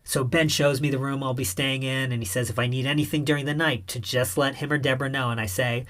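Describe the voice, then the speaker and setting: An irreverent male narrator tells a scripted comic story in the first person. His delivery is wry and cheeky, and his voice sits at a mid pitch. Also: fairly even intonation, quick pace, few pauses, a bit bright.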